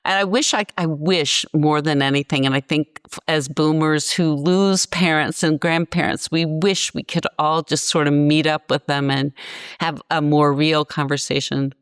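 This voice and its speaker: A woman in her sixties with a low voice talks in a podcast interview. She tells her stories bluntly and with passion. The sound is dry and close, with no room around it. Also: moderate pace, smooth, dry recording. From Virginia, US. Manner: passionate, blunt, animated storytelling. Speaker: guest.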